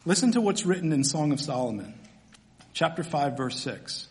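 A man's voice: fairly high pitch, lively intonation, moderate pace. A man, a pastor, preaching a sermon in a conversational, storytelling way with casual fillers.

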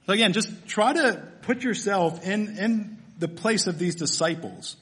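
A man's voice: high voice, animated, unhurried, hardly any pauses, fairly bright tone. A man preaching a sermon in a church, humorous and conversational, often asking his listeners questions. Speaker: pastor.

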